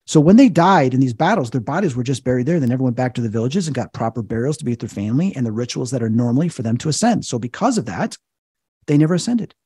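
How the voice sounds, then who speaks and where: Husky, mellow-voiced man telling stories. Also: mid-range voice, fast, dry recording, clean studio sound. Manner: acts out quoted voices, excited. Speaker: psychic medium and TV host. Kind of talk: animated storytelling interview.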